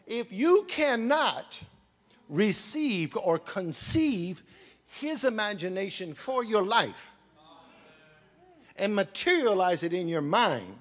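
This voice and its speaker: High, animated shouting preacher. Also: male voice, husky. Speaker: pastor. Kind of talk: sermon. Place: church sanctuary. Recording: reverberant church hall.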